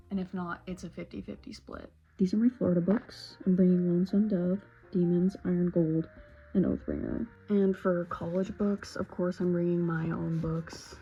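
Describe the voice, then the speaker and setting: On a lo-fi recording, a late-teen woman speaks in a fairly low, gravelly, mellow voice. It's a casual, tearful bedroom vlog, and she rambles emotionally with many "like" fillers.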